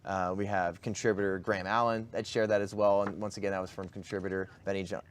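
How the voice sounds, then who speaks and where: A man's voice: deep voice, level tone, fast. A man hosting a studio talk show, chatting casually and laughing often. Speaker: show host. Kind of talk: casual political chat.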